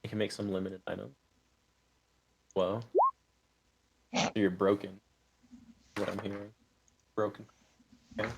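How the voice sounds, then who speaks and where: A young man narrating as game master, halting and full of restarts. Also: lowish voice, little pitch movement, creaky, very noisy.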